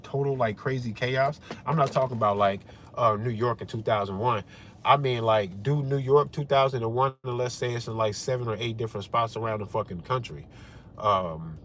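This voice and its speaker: An American man with a medium-pitched voice hosts his own channel, delivering a heated, confrontational political rant straight to camera. He swears heavily, and there's slight background noise.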